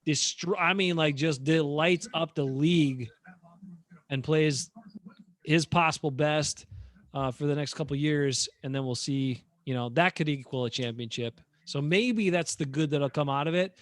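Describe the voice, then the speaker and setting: A man's voice: on the high side, unhurried, dry recording. A man co-hosting a casual sports chat show, opinionated and rambling with fillers. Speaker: podcast co-host.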